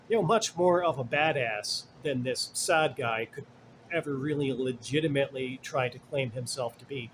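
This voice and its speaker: A man's voice: mid-range voice, normal speed, a little hiss or hum. A man hosting a casual commentary monologue, rambling and digressive with many asides, blunt and sarcastic at times. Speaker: commentary host.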